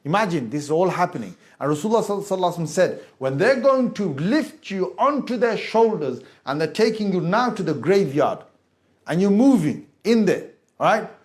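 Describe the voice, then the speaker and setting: Guy preaching, high voice, goes quiet and low then builds up loud, really dramatic sermon. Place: mosque hall before a gathering.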